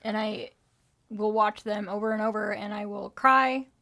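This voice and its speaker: A woman co-hosting a relaxed podcast, chatty and reflective, with easy laughter. She fills her speech with "um" and "like" while she thinks aloud. Her voice sits at an ordinary pitch for a woman. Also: normal speed. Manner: chatty and reflective, laughs easily, uses many fillers. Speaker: podcast co-host. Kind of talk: casual conversational podcast chat.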